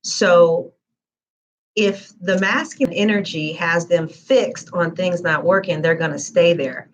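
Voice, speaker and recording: A woman's voice: fairly low pitch, steady tone, unhurried, muffled recording. A woman giving a tarot reading in a casual, chatty live-stream manner with lots of fillers. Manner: chatty, conversational, frequent fillers. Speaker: tarot reader.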